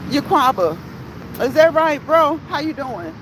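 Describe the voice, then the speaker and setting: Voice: high voice, very animated, measured pace. A live-stream host chatting casually while walking outdoors, slangy and laughing often. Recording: outdoor traffic noise.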